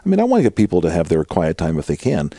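A middle-aged man, a guest author, earnestly explaining prayer in a conversational interview and getting animated when he acts out prayers. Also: deep voice, very fast, no echo, clean studio sound.

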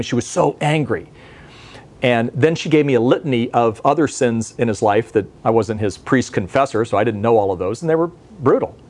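A man's voice: medium pitch, a little mellow. A male pastor giving a televised sermon from a studio, telling a story in a conversational way and asking the listeners questions.

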